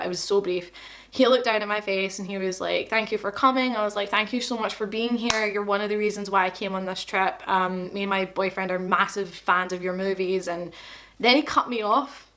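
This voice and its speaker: Young Glaswegian woman, vlogger, chatty self-deprecating storyteller, mid pitch. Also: fairly quick, fairly bright tone. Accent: Scottish, Glaswegian. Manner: chatty, self-deprecating, quotes people in dialogue. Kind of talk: casual storytelling to camera.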